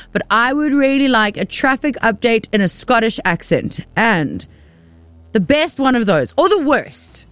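A woman's voice: mid-range voice, dry recording. A woman presenting on the radio, chatty and playful with rambling asides. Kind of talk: casual radio chat. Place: radio studio. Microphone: studio microphone.

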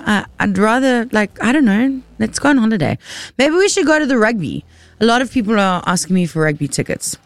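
A woman's voice: mid-range voice, dry recording. A woman presenting on the radio, chatty and playful with rambling asides. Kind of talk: casual radio chat. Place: radio studio. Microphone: studio microphone.

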